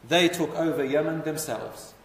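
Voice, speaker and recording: A man telling a history story as a lecture, animated and putting questions to his listeners. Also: fairly high pitch, moderate pace. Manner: animated, asks the audience questions. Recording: echoey hall, voice from far off.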